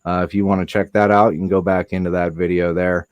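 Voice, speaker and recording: A man's voice: sits low, fast, clear, resonant tone, no echo, muffled recording. A man hosting a stream, telling a funny story in a casual way and swearing often. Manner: animated, swears a lot, acts out quotes. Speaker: livestream host.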